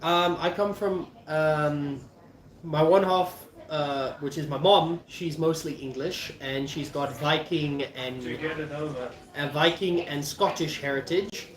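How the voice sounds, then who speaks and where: A man's voice: on the high side, takes it slowly. A young man in his twenties with a South African accent, chatting casually to camera in a rambling, jokey way with lots of restarts. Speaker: vlogger. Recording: echoey room.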